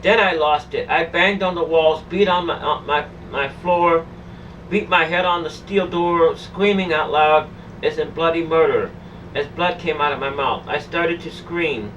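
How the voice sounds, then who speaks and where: A woman telling a harrowing personal story in the first person, in a halting way that keeps repeating and restarting phrases. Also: low-pitched, fairly bright tone. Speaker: storyteller recounting a personal ordeal. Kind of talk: emotional first-person testimony. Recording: dull distant recording with faint hum.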